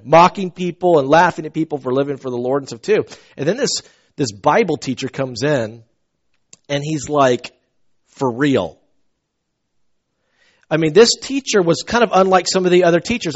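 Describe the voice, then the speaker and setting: A middle-aged man from the American South preaching a sermon, animated and earnest, often restarting his sentences. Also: on the high side. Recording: dull lo-fi sound.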